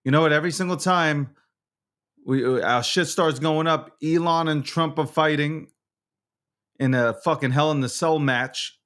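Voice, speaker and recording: A man's voice: on the high side, unhurried, a bit bright. A man hosting a nightly recap show, ranting angrily with lots of swearing and repetition. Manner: heated, profane, repetitive. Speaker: host. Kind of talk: angry on-camera rant.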